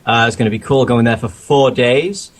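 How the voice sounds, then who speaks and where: Man, from England, relaxed, matter-of-fact, casual chat. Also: medium pitch, normal speed.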